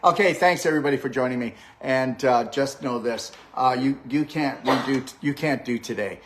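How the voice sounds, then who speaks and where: A man's voice: mid-range voice, moderate pace, noisy background. An older man hosting a live-stream chat with a guest, talking in an upbeat, coaching way and often checking in with "okay? all right?". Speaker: host and health practitioner.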